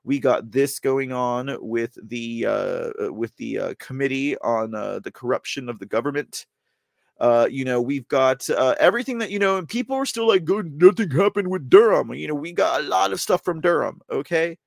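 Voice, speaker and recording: Male podcast host, gravelly mid voice, chatty commentary, reads excerpts aloud. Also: medium pitch, normal speed, no room sound. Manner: rambling, repeats phrases, many fillers. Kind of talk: casual political commentary.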